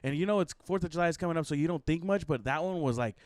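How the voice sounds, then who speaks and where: A young man co-hosting a casual podcast, telling a story quickly with lots of "like" and laughter. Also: a little high, no room sound, clean studio sound. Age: young adult. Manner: fast, laughing storyteller full of "like" and "I was like". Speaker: podcast co-host.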